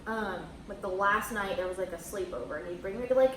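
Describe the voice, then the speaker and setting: A woman's voice: mid-range voice, brisk, fairly bright tone. A young woman chats casually while eating on camera, her stories loose and full of fillers. The room around her rings with a noticeable echo. A faint hiss sits underneath. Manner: chatty, filler-heavy storytelling with laughs. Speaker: host. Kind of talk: casual mukbang chat. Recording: echoey room with faint noise.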